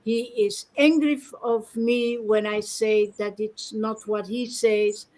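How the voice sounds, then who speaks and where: Passionate woman, higher voice. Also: slow, rough recording. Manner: animated, passionate, mimics others' words. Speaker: guest devotee. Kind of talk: casual spiritual discussion.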